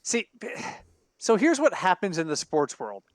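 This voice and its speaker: A man with a fairly high voice co-hosts a sports podcast, spinning rambling, animated stories full of self-corrections. His voice is close and dry, recorded on a home computer mic over an online call. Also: takes it slowly, no echo. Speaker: podcast co-host. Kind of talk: casual sports podcast banter.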